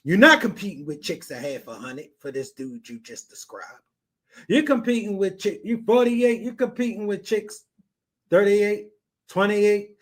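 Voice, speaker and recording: A man's voice: high voice, expressive, normal speed. A man hosting a reaction podcast, giving blunt, mocking, profane commentary and repeating his punchlines.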